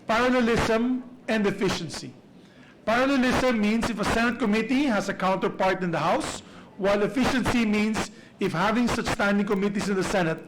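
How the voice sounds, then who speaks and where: High-pitched man on the floor. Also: background noise. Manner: formal, with frequent hesitations. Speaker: majority leader. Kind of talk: formal parliamentary floor speech. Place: legislative chamber.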